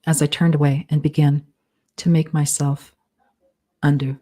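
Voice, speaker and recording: Woman author dictating fiction live, low flat voice, measured, punctuation spoken. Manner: slow, measured, speaking punctuation aloud.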